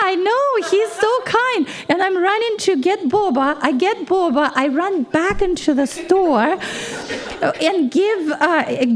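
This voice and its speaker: A middle-aged woman, a native Russian speaker, telling a story on a concert stage in a lively way, acting out the dialogue and restarting often. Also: sits high. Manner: animated, quick storytelling with many restarts and acted-out dialogue. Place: concert stage before a live audience.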